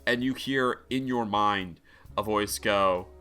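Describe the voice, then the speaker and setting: A man's voice: fairly low pitch, slow, bright, forceful tone, soft background music. A man narrating a tabletop game as game master, talking casually with lots of filler words.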